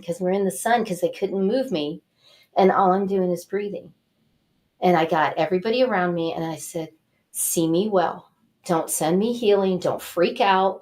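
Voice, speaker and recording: An older woman, a talk show guest, telling a personal story in a lively, animated way and acting out what people said. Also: lowish voice. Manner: animated, acts out quotes and cries. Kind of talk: casual storytelling.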